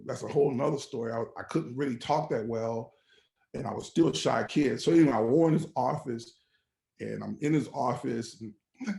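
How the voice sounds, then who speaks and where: A pastor tells a personal testimony on a podcast, acting out the voices he quotes and swinging from loud to near whisper. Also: medium pitch, vocal fry, reverberant.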